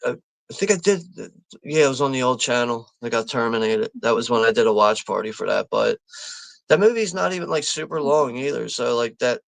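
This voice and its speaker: A man's voice: mid-range voice, expressive, a little fast, gravelly, no echo, rough recording. A man hosting a live watch party stream, chatting casually and rambling, with lots of fillers, restarts and easy chuckles. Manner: easygoing, chuckles often.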